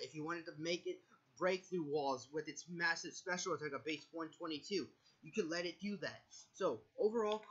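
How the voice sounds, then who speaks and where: A man's voice: a little high, fairly bright tone, breathy edge, highs cut off. A nervous man talking through his picks in a casual monologue, stumbling and correcting himself often. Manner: stumbling, self-correcting delivery. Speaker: video creator. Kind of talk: casual draft analysis monologue.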